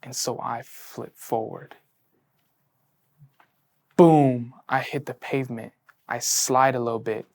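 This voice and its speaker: A just-graduated teenage guy offers an earnest personal testimony in a sit-down interview, his voice clean in tone. Filler "like"s crowd his speech as he drifts from whispery reflection to excitement.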